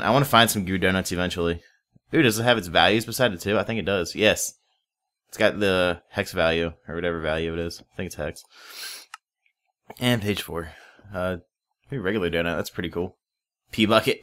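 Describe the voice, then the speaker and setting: A man's voice: low-pitched, fairly bright tone. A young man casually commenting while playing a modded block game, rambling, swearing offhand and chatting to viewers and in-game animals. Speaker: Let's Play host.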